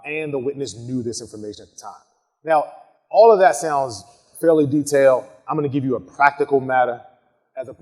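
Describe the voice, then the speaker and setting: Man lecturing on trial practice, conversational, frequent restarts, average pitch. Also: warm tone. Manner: conversational, tags points with "right?", frequent restarts; reads example lines slowly and dramatically. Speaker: criminal defense lawyer presenting. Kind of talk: recorded legal masterclass lecture.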